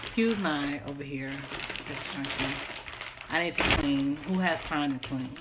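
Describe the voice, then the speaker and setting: A woman's voice: deep voice, normal speed, very noisy. A woman chatting casually to her vlog audience in a rambling, easygoing way, partly from a parked car. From Southern California. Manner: chatty, rambling, exasperated asides. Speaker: vlogger.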